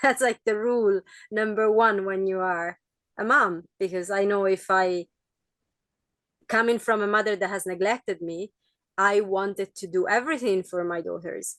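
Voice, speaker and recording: A woman's voice: mid-range voice, normal speed, a bit bright, dry recording. A woman hosting a podcast interview, speaking in an affirming, reflective way. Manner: affirming, reflective, frequent mm-hmms. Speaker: podcast host. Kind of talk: casual interview chat.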